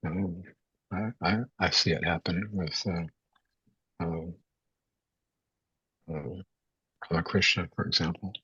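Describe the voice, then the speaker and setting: A man giving a spiritual talk as a teacher, speaking haltingly with many repeated words and fillers. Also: deep voice, steady tone, pushed and bright, slightly rough, no room sound. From United States. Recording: dull, dry, lo-fi sound.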